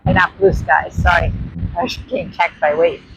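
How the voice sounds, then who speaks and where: A vlogger with a New York accent talks to her audience like old friends as she walks a windy beach, filming on a handheld phone. Her lowish voice stays fairly even and moves at a brisk pace, with faint wind and surf in the background.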